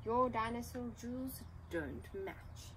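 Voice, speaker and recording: A woman voicing a pompous male dinosaur duke in a storybook, loud and haughty. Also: a little high, animated, slow pace, background noise.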